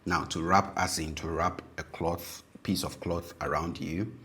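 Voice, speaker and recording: A man with a Ghanaian accent teaching a language lesson, explaining patiently and repeating words slowly with frequent check-ins. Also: sits low, fairly even intonation, pushed and bright, slight background noise.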